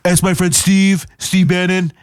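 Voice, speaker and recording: A man's voice: high voice, flat delivery, unhurried, clean tone, no room sound, voice pushed up. A man doing a comic impression of a boastful male president, repeating superlatives and bragging.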